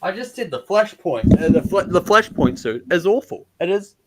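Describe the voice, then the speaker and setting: A man's voice: high voice, very animated, moderate pace, very noisy. A young man from New Zealand, co-hosting a casual chat over a video call, blunt and joking with a New Zealand accent. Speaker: co-host.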